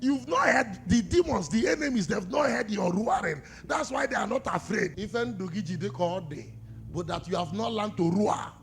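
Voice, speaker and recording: A man with a Nigerian accent preaching a sermon, dropping to low murmurs and then shouting, calling out to his listeners for responses. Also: lively intonation, moderate pace, vocal fry, a little hiss or hum.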